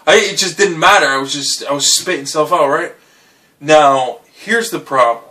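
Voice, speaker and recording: A young man telling a drunken story in casual, animated speech, swearing and asking "right?" again and again. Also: fairly high pitch, moderate pace, distant mic. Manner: animated, swearing, says "right?" and "dude" often. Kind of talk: casual anecdote.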